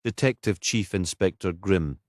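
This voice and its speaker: Guy doing a tired detective, calm and steady, voice a bit higher than his narrating. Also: a little slow, no room sound, clean studio sound. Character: weary, measured male police detective.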